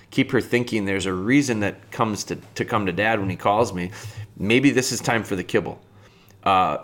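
Male dog trainer, lower voice, casual spoken advice, plain-spoken delivery. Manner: plain-spoken, restarts, bursts into high excited puppy calls.

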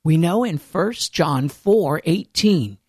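A man's voice: a little high, animated, slow pace, darkish tone, slightly rough, dry recording, clean studio sound. A man preaching a sermon in an earnest, emphatic way, with conversational asides to his listeners.

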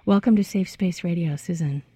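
Woman radio interviewer, mellow and slightly low, dry studio sound. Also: normal speed, slightly rough, no echo. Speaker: radio show host.

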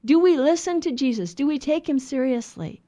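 A woman's voice: high-pitched, normal speed, mellow. Earnest woman preaching on scripture. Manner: earnest, exhorting, motherly asides. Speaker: Bible study host. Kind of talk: sermon-style Bible teaching.

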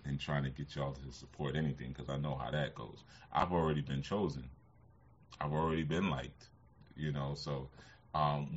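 A man's voice: deep voice, fairly bright tone, slightly rough. A man hosting a casual livestream who rambles, laughs often and uses a lot of fillers. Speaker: livestream host. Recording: slightly muffled lo-fi sound.

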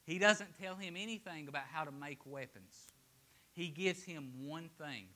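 A man preaching a sermon to a congregation, swinging between loud, emphatic declarations and hushed, quiet asides. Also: fairly high pitch, normal speed.

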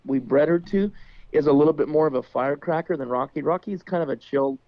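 A man's voice: a little high, fairly quick, no room sound. A man chatting casually about training his dogs. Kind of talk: casual chat. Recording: dull, muffled sound.

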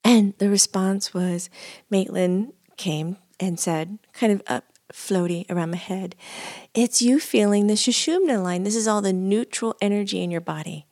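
A woman's voice: medium pitch, moderate pace, darkish tone. A woman co-hosting a podcast, telling a story in casual chat and often breaking into laughter. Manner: giggly storytelling, bursts of laughter. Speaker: podcast co-host.

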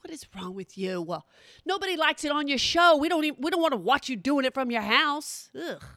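A woman's voice: high-pitched, animated, fairly quick, a bit bright, no echo, studio quality. A middle-aged woman giving a sassy, exasperated comedic rant.

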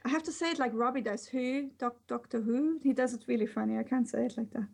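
A woman's voice: fairly high pitch, rapid-fire, creaky. A woman co-hosting a casual podcast chat, reading a listener's email aloud with joking asides. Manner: laughs often, reads with asides. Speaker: podcast co-host.

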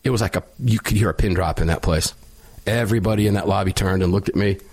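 Speaking fast in a low voice, a middle-aged man hosting talk radio tells a story with loud emphasis, all while battling a sinus infection.

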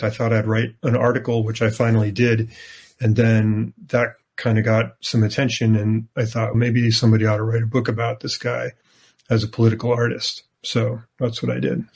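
A man being interviewed as an author and historian, explaining his subject in a measured way. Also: medium pitch, darkish tone, breathy edge. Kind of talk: interview answers.

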